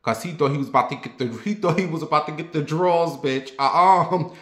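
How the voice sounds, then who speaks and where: A man from the New York area telling a personal story in a sassy, animated, profane way. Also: on the high side, fairly quick, few pauses. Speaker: vlogger. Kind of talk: casual storytelling. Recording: roomy echo.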